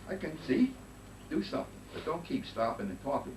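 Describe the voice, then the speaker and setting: A man teaching a conducting master class, giving brisk coaching commands and singing phrases in nonsense syllables. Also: fairly low pitch, lively intonation. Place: rehearsal room with band. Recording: roomy distant recording with noise.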